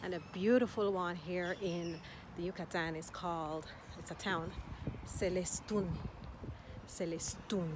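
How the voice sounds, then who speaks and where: A woman teaching Spanish to expats, speaking slowly and repeating each word carefully in an upbeat, encouraging way. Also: on the low side, steady tone. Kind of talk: language lesson. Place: outdoors in a city park. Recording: outdoor noise, birds and traffic.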